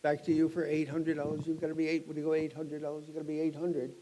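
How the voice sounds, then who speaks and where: A middle-aged man working as an auctioneer, describing each lot and then calling bids in a rapid chant. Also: on the high side, completely flat delivery, dark tone, rough recording.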